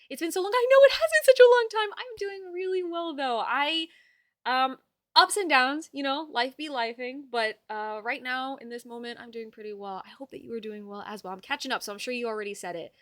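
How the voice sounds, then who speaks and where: A woman's voice: on the high side, a little fast, fairly bright tone, no room sound. A young woman hosting a livestream, chatting casually and reading out viewer messages with hyped, bubbly energy. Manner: bubbly, hyped, reads chat aloud. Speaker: livestream host.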